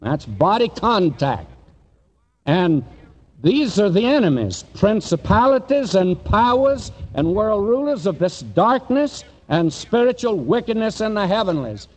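A man's voice: high-pitched, very animated, a little slow, darkish tone. A man preaching a sermon, reading scripture aloud in an old-fashioned cadence and asking the listeners questions. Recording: dull lo-fi recording in a reverberant hall.

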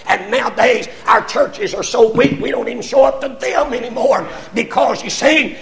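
An older preacher with a high voice delivers a fiery sermon. He swells into shouts, stumbles over repeated words as his passion runs ahead of him, then drops low again to drive a point home. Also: brisk, gravelly, few pauses, some chatter behind. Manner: impassioned, rising to shouts, stammering repetitions.

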